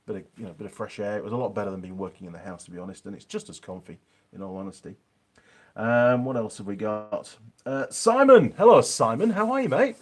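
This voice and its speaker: A man with a Yorkshire accent and a fairly low voice chats casually on a live stream from his home workshop, reading viewer comments aloud with lots of ums.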